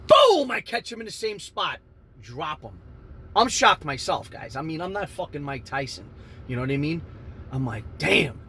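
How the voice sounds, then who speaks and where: Loud, animated New man, storytime vlogger, crisp bright tone, slight background hiss. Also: medium pitch. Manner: animated, swears constantly, shouts out punches. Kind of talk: profane storytime monologue.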